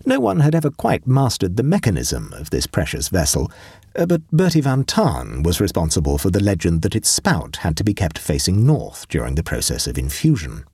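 Male audiobook narrator, low husky voice, very lively, wry and expressive. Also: normal speed, no room sound, clean studio sound.

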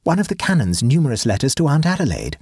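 A man voicing Egbert, an earnest, fussy young English gentleman who speaks in a raised, excitable voice. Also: fast talker, breathy edge, no room sound, clean studio sound, full character voice. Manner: earnest, excitable, pitch rising.

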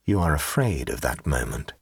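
Guy doing a lower, gruff skeptical older gent, dry and reasoning, husky. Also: sing-song, moderate pace, no echo, heavily acted. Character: sensible grown man, skeptical and fretful. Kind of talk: audiobook character reading.

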